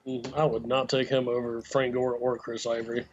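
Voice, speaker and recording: A man's voice: medium pitch, level tone, normal speed, darkish tone. A man talking fantasy football picks over a video call, casual and opinionated. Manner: casual, opinionated, says "like" often. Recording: muffled call audio with faint noise.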